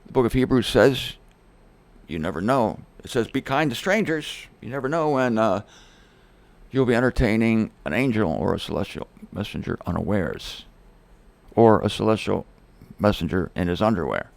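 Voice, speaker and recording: A middle-aged man hosting his show, telling a personal story in a casual, animated way and acting out the voices of the people in it. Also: fairly low pitch, normal speed, creaky, no echo. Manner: animated, quoting others in acted-out voices. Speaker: host.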